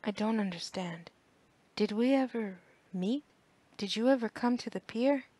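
Brief: a woman doing a confused gruff old workman, blunt questions, plain storybook voice. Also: on the high side, unhurried, mellow, dry recording. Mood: puzzled. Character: puzzled, gruff old maintenance man.

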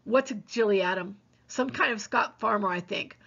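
Husky-voiced woman reading a novel aloud. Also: mid-range voice, fairly bright tone, lo-fi sound. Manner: plain unhurried reading with small slips.

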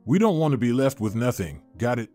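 A man's voice: mid-range voice, sing-song, brisk, dark tone, soft background music, natural voice. A man voicing a greedy young woman who is cold and mocking toward her sister, read in a plain storybook manner. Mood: scornful.

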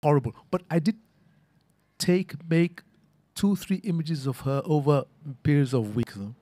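A man's voice: fairly high pitch, animated, unhurried, mellow, no echo. A man speaking as a photographer in an artist talk, musing aloud and often ending his phrases with a questioning "huh?". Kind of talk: reflective conversational talk. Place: garden event.

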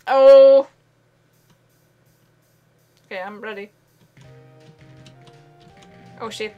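A woman streamer with a fairly high voice talks slowly through a game, reading its dialogue aloud and laughing and swearing at her own mistakes. Soft game music plays under her voice. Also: lo-fi sound. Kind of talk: let's play commentary. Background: faint game music.

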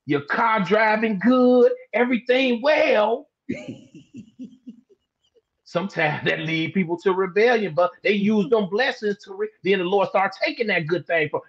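Husky high-voiced man preaching casually. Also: lively intonation, a little slow. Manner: colloquial, emphatic, drawls words for stress. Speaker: teacher in a Bible discussion broadcast. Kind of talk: casual preaching in a live streamed Bible discussion. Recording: dull lo-fi live stream audio.

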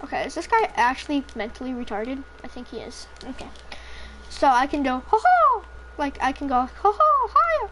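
High-voiced woman rambling over gameplay. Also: fairly quick, slight background noise. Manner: rambling, swears freely, self-deprecating. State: tired, throat feels off. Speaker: gamer commentating gameplay. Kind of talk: casual gameplay commentary.

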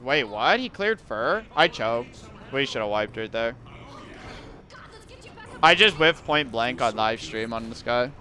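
A young man streaming a team game live, giving rapid callouts and countdowns to his teammates, slangy and swearing. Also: mid-range voice, animated, bright, forceful tone. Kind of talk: live gameplay commentary to teammates.

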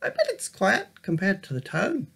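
A man doing a soft-spoken mummy. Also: sits high, huge pitch swings, moderate pace, vocal fry, heavily acted. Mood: gentle. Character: gentle mother, soft and calm.

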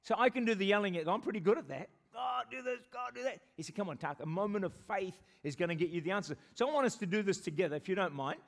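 New Zealand pastor preaching, fairly high voice. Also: male voice. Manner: animated, laughs often and jokes with the congregation; pleading slowly when quoting prayers. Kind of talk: sermon. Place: church service with a congregation.

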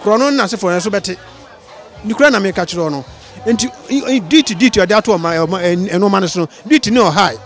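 A man with a Ghanaian accent answering a street interview outdoors, talking earnestly and pleading, halting often with restarts. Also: high-pitched, soft background music.

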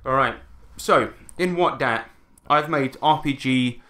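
A man's voice: medium pitch, slow, very noisy. A man hosting a podcast in casual, rambling chat, swearing freely. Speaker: podcast host.

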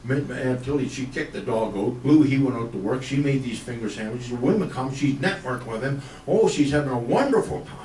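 A man's voice: mid-range voice, lively intonation, fairly quick, few pauses, darkish tone, recorded from a distance, slight background noise. A man telling comic country yarns on stage in a folksy, slangy way, chuckling through his lines. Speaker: country comedian storyteller. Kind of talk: stand-up comic storytelling. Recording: roomy, from off the mic.

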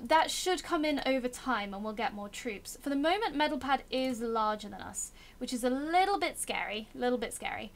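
A young woman giving casual, self-mocking commentary as she plays a strategy game and talks to its characters. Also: high-pitched. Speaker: gameplay commentator.

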